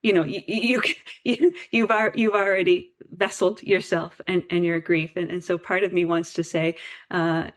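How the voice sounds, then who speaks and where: A woman hosting an interview over a video call, speaking softly and earnestly with halting restarts. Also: fairly low pitch, steady tone. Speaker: grief specialist host. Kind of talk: gentle interview talk.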